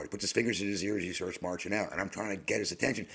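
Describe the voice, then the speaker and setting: Middle-aged male storyteller, deep gravelly voice, rambling and halting, slips into whispers. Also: a bit bright. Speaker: podcast host. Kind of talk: personal storytelling monologue.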